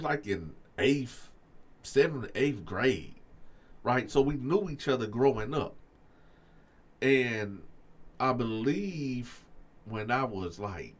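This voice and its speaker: A man telling a personal story in a casual, slangy way, talking straight to his viewers. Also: mid-range voice. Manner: animated, slangy, talks to viewers directly.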